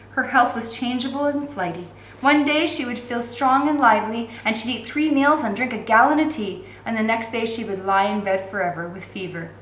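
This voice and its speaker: A woman reading a novel aloud with expressive storytelling and occasional commentary as a teacher. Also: fairly high pitch, echoey room, a little hiss or hum. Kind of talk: read-aloud narration with commentary.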